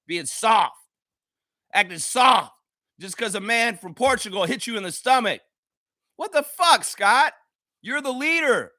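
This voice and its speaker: A man's voice: very high-pitched, expressive, measured pace, pauses often, bright, forceful tone, no echo, clean studio sound. A man hosting a live basketball reaction show, ranting heatedly and profanely at the players. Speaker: sports reaction host.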